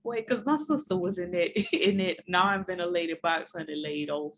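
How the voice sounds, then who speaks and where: Expressive woman riffing in a lively way. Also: lowish voice, moderate pace. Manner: expressive, jokey, swings between loud and soft. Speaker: podcast co-host. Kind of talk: casual TV recap chat.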